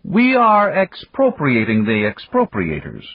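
A man voicing a quiet, earnest young male Venezuelan astronaut who speaks formally. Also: mid-range voice, huge pitch swings, a little slow, husky, voice pushed up, heavily acted. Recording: dull lo-fi dry recording.

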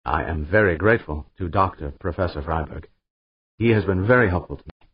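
A man's voice: low voice, fairly quick, husky, no echo, highs cut off. A man voicing a stiff, reedy young scientist. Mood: formal. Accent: precise learned Midwestern American. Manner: formal and overly polite.

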